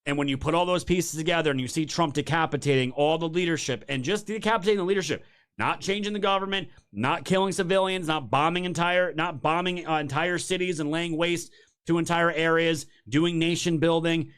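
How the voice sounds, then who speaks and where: A man's voice: a little high, fairly quick, a bit bright, smooth. A man hosting his own political stream, ranting in a heated, profane and sarcastic way straight to his viewers. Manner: talks straight to viewers as "you guys". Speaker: political commentary show host. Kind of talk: live-streamed political rant.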